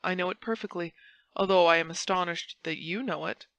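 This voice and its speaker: A woman's voice: on the low side, a little fast, vocal fry, a bit bright, dry recording. A woman voicing a haughty, imperious noble duke who speaks with proud indignation.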